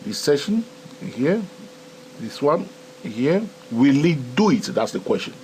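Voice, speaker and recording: A man with a non-native English accent talks through a live trading session in a chatty teaching voice. His pitch rises and falls a lot, and he keeps checking in with the listener. A faint hiss of background noise sits under the voice. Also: slow. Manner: animated, repetitive "okay?" and "my friend". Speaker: trading educator. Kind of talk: live screen-recorded trading tutorial.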